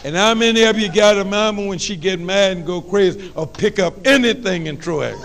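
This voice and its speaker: High-voiced New Orleans motivational speaker. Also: male voice, fairly quick. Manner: lively, call-and-response, preacherly humor. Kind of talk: motivational talk to students. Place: high school assembly.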